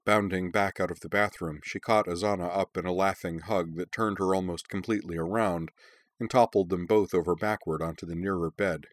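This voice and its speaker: A man reading a story aloud in calm, even audiobook narration. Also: deep voice, a little fast, no echo.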